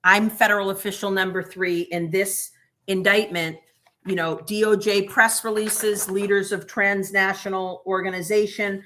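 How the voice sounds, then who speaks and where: A woman's voice: mid-range voice, moderate pace, slight background noise. A middle-aged woman, a former prosecutor, speaking as a guest in a livestream interview, telling stories bluntly and emphatically. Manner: blunt, emphatic, animated retelling with quoted dialogue.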